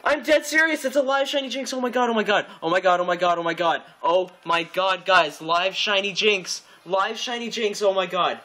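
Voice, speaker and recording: Young male streamer, fairly high voice, overexcited, gasps and swears, rambles at his viewers. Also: normal speed, hardly any pauses, sharp tone. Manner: overexcited, gasping, swearing, repeating himself; rambling, talks to viewers and friends on a call. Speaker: game streamer. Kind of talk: live gameplay commentary.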